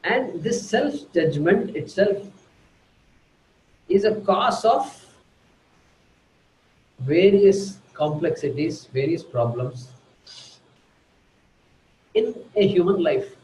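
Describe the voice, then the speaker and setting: A man giving a slow, deliberate spiritual lecture, teaching through everyday examples. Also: sits high, expressive, a little mellow, roomy sound, poor audio. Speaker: Vedanta teacher.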